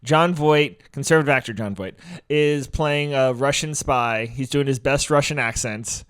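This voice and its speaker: A man's voice: medium pitch, unhurried, a bit bright, clear, resonant tone. A man co-hosting a casual podcast, talking loosely with lots of "like" and joking as he goes. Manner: loose, filler-heavy, jokey. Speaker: podcast co-host. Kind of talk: casual chat.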